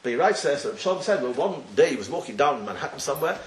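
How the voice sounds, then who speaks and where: A man a fairly high voice tells a Torah story in full of words, talking in quick bursts. He rambles, repeats himself and acts out what the characters say. The room is echoey, a faint hiss behind him. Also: expressive. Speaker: rabbi giving a talk.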